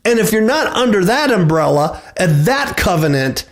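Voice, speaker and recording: A man's voice: high voice, big pitch swings, normal speed, few pauses. A man preaching and reading scripture aloud, emphatic and repeating words for effect. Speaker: preacher hosting a religious talk show.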